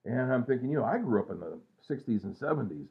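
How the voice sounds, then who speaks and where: A vlogger in his sixties rambles casually at home at night, mocking himself, trailing off, and using lots of fillers. He has a medium-pitched, sing-song voice and talks fast. The audio sounds tinny, like a phone.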